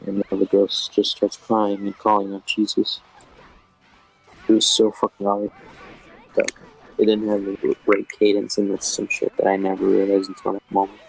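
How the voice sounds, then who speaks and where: A man reading a scary story aloud in a casual, flat delivery, swearing often. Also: sits low, creaky, breathy edge, rough recording.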